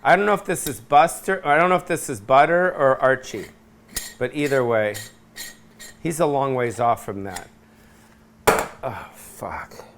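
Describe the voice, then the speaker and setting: A man's voice: mid-range voice, lively intonation, measured pace, pauses often, noisy background. A middle-aged man hosting a solo rant from his apartment, rambling and swearing, often losing his train of thought. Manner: scattered, profane, loses his train of thought. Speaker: host.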